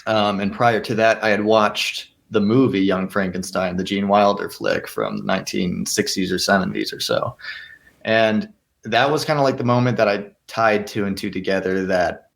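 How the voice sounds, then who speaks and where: A man's voice: fairly low pitch, moderate pace, vocal fry. A young man who is an actor, answering interview questions earnestly and thoughtfully, with frequent restarts. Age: young adult. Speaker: actor and guest.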